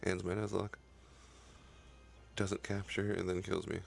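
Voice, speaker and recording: A man's voice: low-pitched, little pitch movement, measured pace, vocal fry, faint music behind. A young man narrating his own video game run, cursing the game and talking in a frustrated, profane way. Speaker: gaming YouTuber. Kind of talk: profane Let's Play commentary.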